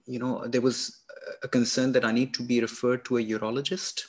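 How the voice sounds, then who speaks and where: A man's voice: medium pitch, level tone, fairly quick, a little mellow, lightly acted. A man playing a worried male patient in a practice doctor's visit, speaking hesitantly with many fillers.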